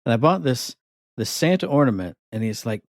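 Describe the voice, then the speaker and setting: A man's voice: mid-range voice, fairly quick, dry recording, studio quality. Playful male podcast co-host. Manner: storytelling, playful, animated. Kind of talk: casual podcast chat.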